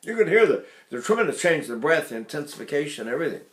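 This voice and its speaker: A man's voice: a little high, sing-song, rapid-fire. An older man teaching vocal technique, explaining in a loose, chatty way and singing short demonstrations.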